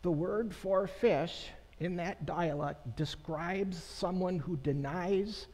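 A pastor giving a sermon to his congregation in a conversational, unhurried way, pausing and making asides to the people in the pews. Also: high-pitched, a little mellow. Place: church sanctuary. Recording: long church reverb.

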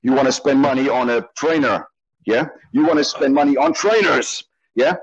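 A man's voice: mid-range voice, moderate pace, breathy edge, lo-fi sound. A man confronting a guest on a live stream, taunting him and repeating the same question over and over. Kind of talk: heated live stream argument.

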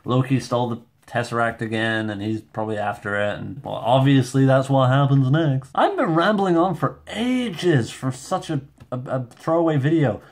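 A man reviewing a movie in a casual vlog at home, rambling, excitable and self-deprecating. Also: mid-range voice, normal speed. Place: home room with shelves.

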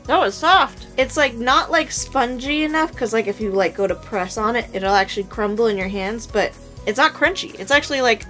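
A woman's voice: a little high, lively intonation, normal speed, pushed and bright, faint music behind. A woman co-hosting a casual snack taste-test, bubbly and full of "like" fillers. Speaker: co-host of an unboxing channel.

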